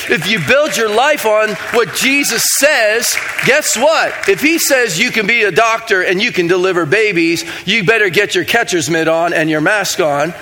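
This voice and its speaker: A man's voice: high voice, lively intonation, moderate pace, hardly any pauses, bright, forceful tone, a little hiss or hum. A man preaching a sermon in a casual, joking manner with playful asides. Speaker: pastor.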